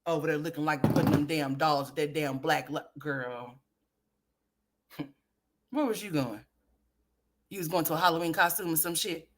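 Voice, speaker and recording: A woman's voice: sits low, normal speed, long pauses, slight background noise. A woman hosting a gossip commentary livestream, profane and trash-talking, laughing often and talking straight to her viewers. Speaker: livestream host.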